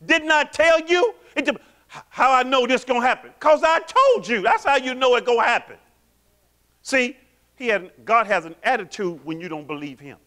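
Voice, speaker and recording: Man, pastor, sermon, bright forceful tone, call-and-response questions. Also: extremely high pitch, moderate pace. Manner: animated, quizzes the congregation with call-and-response questions.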